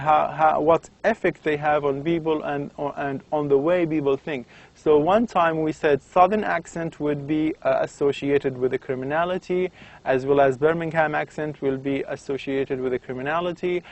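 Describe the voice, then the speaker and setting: Man, native Arabic speaker, university lecturer, slightly raised pitch, halting delivery full of fillers. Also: a little mellow. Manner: hesitant, many fillers and restarts.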